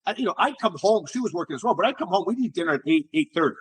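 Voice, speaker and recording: With a high, husky voice racing along, the middle-aged entrepreneur guest spins stories in an animated, informal way. He often doubles back, repeating words as he begins again.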